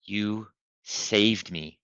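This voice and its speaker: A man playing a solemn, devoted halfling monk in a tabletop game, speaking earnestly to his lost sister in a low voice with an unhurried pace. The sound is dull and lo-fi, with a bright edge to the tone. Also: clean tone, no echo. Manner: earnest, pleading. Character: devoted male halfling monk, grieving brother.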